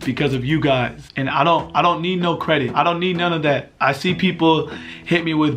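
A heartfelt young man speaks straight to his viewers. His voice sits a little high, and soft music plays faintly underneath. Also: brisk. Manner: earnest, heartfelt, repeats himself. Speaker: vlogger. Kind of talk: emotional thank-you to viewers.

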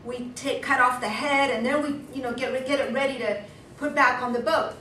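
A rough, cheerful hog hunter brags loudly and plainly about his hunt, as a woman puts him on. The voice sits a bit high for a man. It carries from a distance through an echoey room with a steady noise behind it. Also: a little fast. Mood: boastful. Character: rough-talking adult male hog hunter, cheerful and profane.

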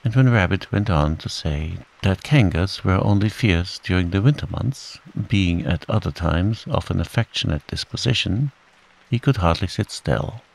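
Deep calm man reading a bedtime story. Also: creaky, poor audio. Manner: slow, soothing, gentle. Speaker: audiobook narrator. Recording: rain sound under the voice. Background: rain.

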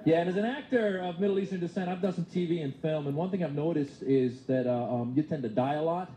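A man's voice: fairly high pitch, quick pace, few pauses. A young male stand-up comedian from Iran with a chatty style full of rhetorical asides, performing a set. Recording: live club with audience laughter and noise.

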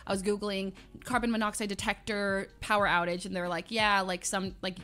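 A young woman streamer dramatically telling a story to her chat, excitable and laughing often. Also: mid-range voice, brisk.

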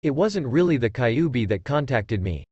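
A man's voice: medium pitch, big pitch swings, normal speed, dark tone, no room sound, muffled recording. A man voicing a hesitant young boy ninja who speaks simply and earnestly. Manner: hesitant, then firm.

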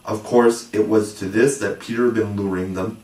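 Male audiobook narrator, low voice, expressive storybook reading; echoey room. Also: normal speed. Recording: roomy, distant mic.

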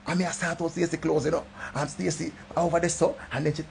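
A middle-aged man with a Jamaican accent, telling a rambling comic story in a voice that swings from low mutters to loud outbursts. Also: little pitch movement, fast talker, gravelly, slight background noise. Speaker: comedic storyteller.

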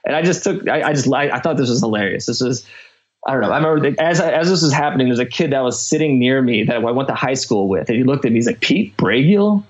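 A man's voice: medium pitch, fast talker, lo-fi sound. A young man from Chicago, a podcast guest telling a story in a casual, rambling way with lots of fillers.

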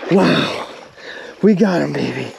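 A high-voiced man exclaims and pants as he fights a fish, out of breath between words. He is on a riverbank, recorded on a camera mic with loud rushing water behind him. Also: expressive, creaky, very noisy. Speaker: fishing vlog host. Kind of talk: live excited commentary while fighting a fish. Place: outdoors on a riverbank.

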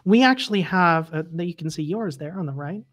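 Woman chatting with a quick laugh. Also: lowish voice, animated. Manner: chatty, laughs often while explaining. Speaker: interview guest. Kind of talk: casual livestream chat.

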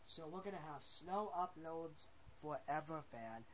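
A man at his computer rambling and scolding his upload buttons and a fan, repeating himself with sudden loud outbursts. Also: a little high, a little slow. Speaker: home video maker. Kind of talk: rambling scolding monologue to objects. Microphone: built-in webcam mic. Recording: loud steady background noise with clicks.

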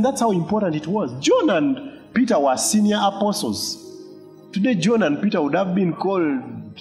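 A man's voice: high-pitched, darkish tone. A male pastor preaching a sermon, telling a personal story with quoted voices and asides, in a church hall.

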